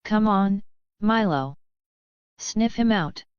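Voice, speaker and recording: A woman voicing a calm, self-assured teenage boy wizard with hidden plans, in a storybook reading. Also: mid-range voice, takes it slowly, clear, resonant tone, no echo, lo-fi sound. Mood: easygoing.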